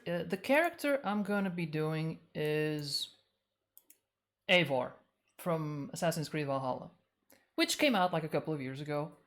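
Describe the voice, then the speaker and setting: Low-voiced woman chatting on a stream. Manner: chatty, flustered, stumbling restarts. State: out of breath. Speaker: cosplay streamer. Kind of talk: casual live stream chat.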